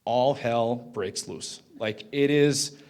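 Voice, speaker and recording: A man in his thirties with a medium-pitched, slightly mellow, smooth voice speaks slowly to an audience in a conference hall. He tells a story in a loose, casual way, heavy with fillers, and keeps checking in with the room by asking "right?".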